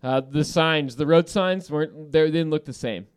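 A man's voice: a little high, moderate pace, smooth, dry recording, studio quality. A man hosting a podcast, telling a heated story with lots of swearing and laughter in casual banter. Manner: animated storytelling with profanity and laughter. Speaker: podcast host.

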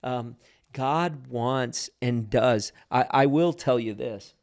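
A man's voice: medium pitch, slow pace. A man with an ordinary mid-range voice explains spiritual ideas in an earnest, conversational way. He restarts his sentences often as he teaches. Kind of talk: casual faith talk, teaching.

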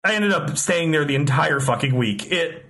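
A man's voice: fairly high pitch, lively intonation, moderate pace, bright, forceful tone. A young man telling a long story in casual chat, rambling with many restarts and frequent swearing.

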